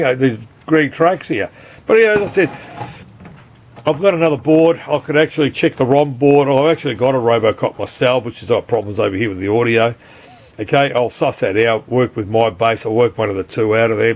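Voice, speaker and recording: Rambling, swearing Australian man. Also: medium pitch. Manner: rambling, swears often, keeps saying "mate". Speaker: arcade board repairer. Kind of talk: casual unscripted video chat.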